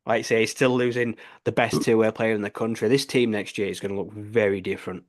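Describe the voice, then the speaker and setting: A man's voice: fairly low pitch, flat delivery, fast. A man co-hosting a podcast, chatting casually about sport and repeating "like I say" between restarts. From United Kingdom. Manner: leans on the filler "like I say", restarts often. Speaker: podcast co-host.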